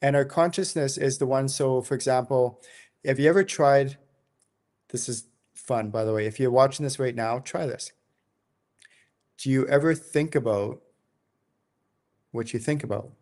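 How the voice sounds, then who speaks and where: A man's voice: mid-range voice, moderate pace, long pauses, a little mellow. A middle-aged man, a spiritual teacher, speaking straight to his viewers in a casual, enthusiastic way with lots of "like" fillers. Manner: informal and enthusiastic, many "like" fillers. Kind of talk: casual direct-to-camera talk.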